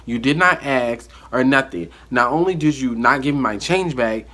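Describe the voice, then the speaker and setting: A man telling a story from his life in a casual vlog monologue, animated and acting out the dialogue. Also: mid-range voice, moderate pace.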